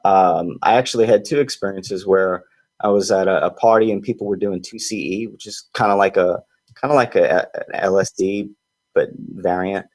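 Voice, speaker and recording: A man telling a personal story in a casual, animated way, acting out what his friends said. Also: moderate pace, no room sound. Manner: animated, acts out quoted friends in higher voices. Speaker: podcast host.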